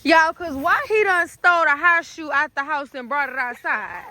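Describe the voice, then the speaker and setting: A woman's voice: high voice, normal speed, bright, forceful tone. A young woman talking casually to her viewers in a family vlog, chatty and laughing often, filmed on a handheld phone. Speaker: vlogger. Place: outdoors in snow and at home. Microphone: handheld phone camera.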